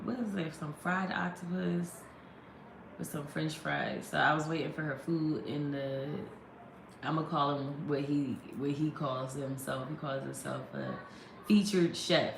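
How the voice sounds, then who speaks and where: A woman's voice: low-pitched, reverberant, a little hiss or hum. A woman in her thirties chatting casually to a phone camera, rambling and laughing often. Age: 30s. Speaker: vlogger.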